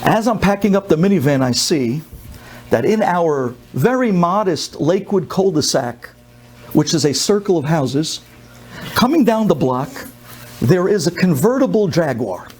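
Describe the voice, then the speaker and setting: A man's voice: on the high side, a little slow, a little hiss or hum. A middle-aged man from the United States, a rabbi telling a story in a sermon and acting out the people in it. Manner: animated storyteller, acts out the people in his story.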